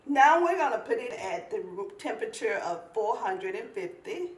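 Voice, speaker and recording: A woman's voice: on the high side, big pitch swings, moderate pace, a little hiss or hum. A woman from eastern North Carolina, demonstrating a recipe in a folksy, instructive way. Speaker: home cook demonstrating a recipe. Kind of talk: cooking demonstration. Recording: echoey kitchen, mic at a distance.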